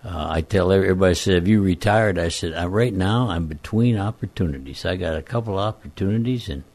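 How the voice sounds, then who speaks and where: An older man and former football coach, telling folksy, rambling stories in a croaky voice as a radio guest. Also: sits low, fast talker, a little mellow. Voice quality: croaky, frog-like voice. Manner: folksy, rambling, self-deprecating. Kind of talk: casual radio interview storytelling.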